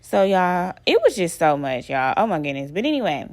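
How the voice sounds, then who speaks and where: A woman from Alabama, telling a personal story in a casual, animated way, swearing and addressing listeners as y'all. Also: fairly low pitch, normal speed, no room sound. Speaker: vlogger.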